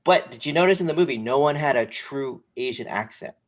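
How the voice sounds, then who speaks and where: A man's voice: medium pitch, fairly quick. Rambling casual man co-hosting. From came to this country when young. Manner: animated, rambling, many fillers. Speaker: podcast co-host. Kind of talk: casual sneaker podcast chat.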